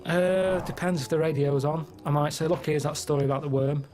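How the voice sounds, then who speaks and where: A man chatting on a radio show, telling everyday stories in a flat, deadpan way. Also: on the high side, a little fast. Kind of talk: casual chat. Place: radio studio.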